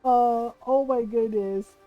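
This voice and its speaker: A woman streaming from home, a native Tagalog speaker, telling a family story in casual chat, animated, laughing often and swearing freely. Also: a little high, slow, muffled recording, faint music behind. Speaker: livestream host.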